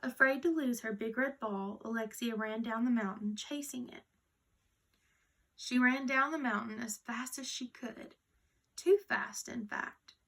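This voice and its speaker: Woman storyteller, fairly high, gravelly voice, soft reading of a children's tale. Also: measured pace.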